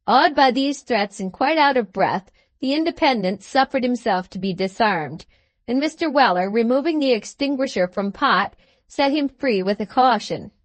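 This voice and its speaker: A woman narrates a classic novel in a measured, expressive way. Her voice sits fairly high, and the recording is close and dry with no room sound. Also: no room sound. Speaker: audiobook narrator. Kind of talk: scripted storybook narration.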